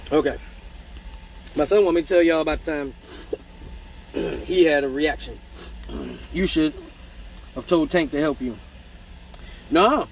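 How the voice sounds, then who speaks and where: A man spins profane childhood stories for his live audience, animated and fond of mimicking the people in them. His voice sits a bit high, and he is fighting off hiccups. A faint hum runs under the recording. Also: a little slow, pauses often, poor audio. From Michigan. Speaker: live-stream host telling stories. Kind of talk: casual storytelling.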